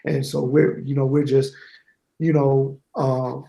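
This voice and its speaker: Interview guest, male: gravelly, candid storyteller, echoey room. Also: medium pitch, slow pace, highs cut off. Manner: candid, animated storytelling with quoted dialogue. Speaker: guest, certified network engineer.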